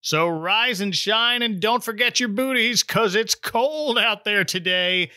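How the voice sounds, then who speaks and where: Man, podcast host, bright voice, dry sound, playful teasing intros, casual chat. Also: high voice, a little slow, no room sound.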